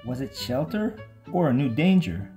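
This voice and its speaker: A narrator giving an expressive, lively read-aloud of a children's bedtime storybook. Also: mid-range voice, moderate pace, faint music behind.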